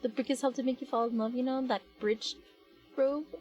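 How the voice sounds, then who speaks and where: A woman's voice: sits high, steady tone, a little fast, a little mellow, highs cut off, faint music behind. A young adult woman chatting casually on a live stream while she works, rambling with lots of fillers and restarts and answering her chat.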